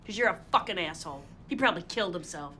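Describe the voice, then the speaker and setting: An actress playing a furious, foul-mouthed mother who rants loudly and explosively at a school meeting, in a film comedy. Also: on the low side, lively intonation, rapid-fire, slight background noise. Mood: raging. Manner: loud, explosive, profane ranting.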